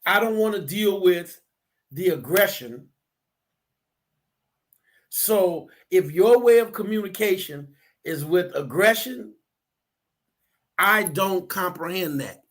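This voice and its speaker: A man in casual talk, animated, acting out the people he quotes as he tells stories. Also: sits high, slow, pauses often. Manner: animated storyteller, acts out quotes.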